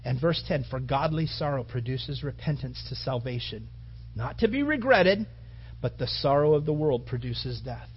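A man's voice: mid-range voice, animated, moderate pace, lo-fi sound, a little hiss or hum. A male pastor preaching a sermon in an earnest, emotional, conversational way.

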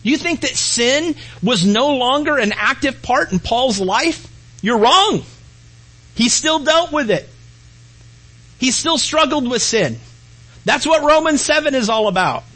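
A man preaching a sermon as pastor, swinging between loud and hushed delivery. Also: very high voice, lively intonation, unhurried, rough recording.

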